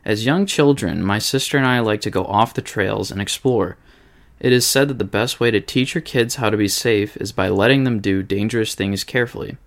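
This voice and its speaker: Low gravelly Midwestern man. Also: brisk. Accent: Midwestern American. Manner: joking, swears freely. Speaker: podcast co-host reading a listener story. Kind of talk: casual podcast chat and story reading.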